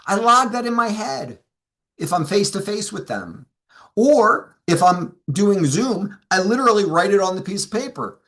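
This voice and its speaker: A man's voice: high-pitched, big pitch swings, normal speed, fairly bright tone. A middle-aged man giving a seminar talk as a sales trainer, telling stories and acting out both sides of client conversations.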